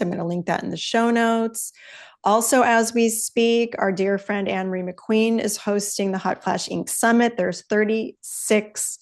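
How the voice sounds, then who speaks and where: An upbeat woman in middle age hosts a casual podcast chat. She talks in a candid, rambling way and is loose with her language, with an ordinary mid-height pitch for a woman. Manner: chatty, upbeat, loose with profanity. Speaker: podcast host.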